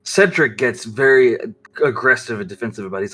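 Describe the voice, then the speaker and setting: A man's voice: medium pitch, fairly quick, sharp tone, soft background music. A man narrating as game master of a tabletop game, rambling with many fillers.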